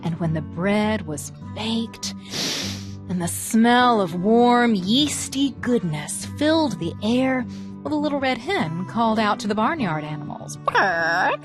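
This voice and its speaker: A woman teaching and reading children's stories aloud, expressive and asking the listeners questions. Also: on the high side, unhurried, over music. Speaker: storyteller teacher. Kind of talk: children's story reading and lesson.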